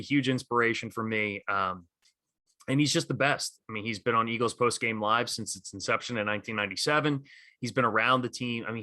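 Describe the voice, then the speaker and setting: A man co-hosts a casual sports podcast, talking with eager energy and plenty of "um"s and "you know"s. His voice is bright and forceful. The mic is close and dry, with no room sound. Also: medium pitch, no echo. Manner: enthusiastic, animated retelling of stories. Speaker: podcast co-host.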